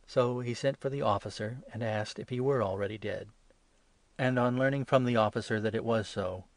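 A man giving a measured, solemn scripted reading of scripture. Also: lowish voice, no echo. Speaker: reader.

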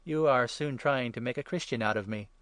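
A skeptical king answering in a dry, subdued tone, read by a man. The voice sits in a middle pitch and the recording is close and dry. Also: brisk, fairly bright tone, no room sound, lightly acted. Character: King Agrippa, male ruler, skeptical.

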